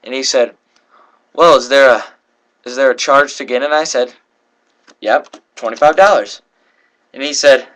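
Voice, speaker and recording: A man's voice: medium pitch, fairly bright tone. A young man performing a card trick while telling a rambling story, often correcting himself mid-sentence. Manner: rambling, self-correcting, voices quoted people. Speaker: card magician.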